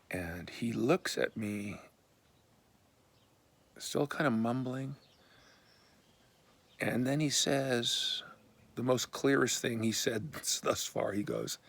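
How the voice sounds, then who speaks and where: A man telling a personal story in an earnest, candid and heartfelt way, often dropping to a hushed half-whisper. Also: mid-range voice, takes it slowly, gravelly, pauses often, slightly rough.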